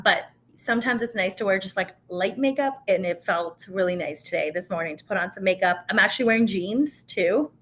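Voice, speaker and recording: A woman in her thirties hosting a live tasting stream, chatting casually with viewers in an animated, filler-heavy way. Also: medium pitch. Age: 30s. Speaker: host of a tasting show.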